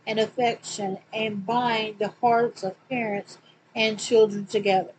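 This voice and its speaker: A woman with a Southern accent, reading Bible questions and verses aloud slowly, with small slips and asides. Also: fairly high pitch, steady tone, slight background noise, rough recording. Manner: slow and deliberate, reads quotes slowly with small slips and asides. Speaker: Bible study reader.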